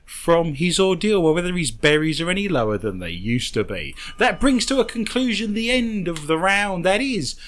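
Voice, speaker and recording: A man's voice: high voice, sing-song, normal speed, hardly any pauses, a bit bright. A man hosting a comedy podcast, reading odd news stories aloud and riffing on them with jokes. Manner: jokey, riffing on absurd details. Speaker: podcast host.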